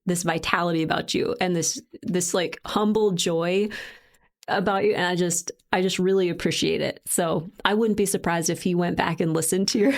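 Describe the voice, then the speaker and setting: Brief: Southern woman, lowish voice with vocal fry, encouraging podcast guest. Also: fairly even intonation, normal speed. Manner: warm, encouraging, affirming. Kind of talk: casual interview chat.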